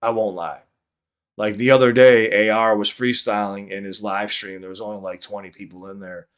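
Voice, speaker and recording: Man, low voice, casual livestream chat, rambling, restarts, swears freely, home stream setup. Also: flat delivery, normal speed. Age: under 50. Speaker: livestream reaction host.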